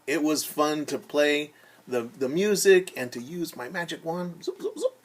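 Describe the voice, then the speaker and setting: A young man teaching children, musing aloud with gentle questions during story time. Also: fairly high pitch, measured pace.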